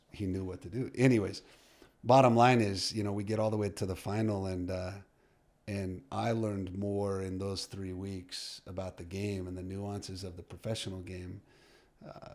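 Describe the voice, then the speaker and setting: Lively storytelling coach, low voice. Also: male voice. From United States. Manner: lively storyteller who acts out dialogue, with many fillers and restarts. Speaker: soccer coach, podcast guest. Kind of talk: storytelling in a podcast interview.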